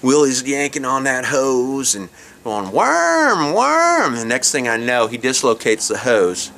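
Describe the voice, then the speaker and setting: A man's voice: mid-range voice, steady tone, a little slow, a bit bright, a little hiss or hum. A middle-aged man telling a comic story in a folksy way, chuckling at his own jokes, recorded outdoors at a campsite. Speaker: comedic storyteller host.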